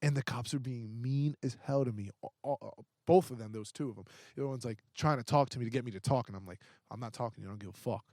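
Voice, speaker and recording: A young man, a podcast guest, telling a story in a casual, animated way, with heavy swearing and lots of fillers. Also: medium pitch, quick pace, few pauses, no room sound, clean studio sound.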